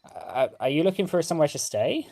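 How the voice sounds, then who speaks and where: Male GM doing a fussy, bossy halfling innkeeper mum, pitched up high, quick and scolding. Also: very animated, dark tone. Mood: flustered. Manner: brisk and scolding. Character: busy bossy middle-aged halfling mother.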